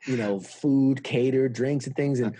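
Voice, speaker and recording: A man's voice: mid-range voice, a little slow, no room sound. A middle-aged man from New York, a veteran guest telling his story candidly and acting out the dialogue he quotes. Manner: acts out quoted dialogue with lively voices.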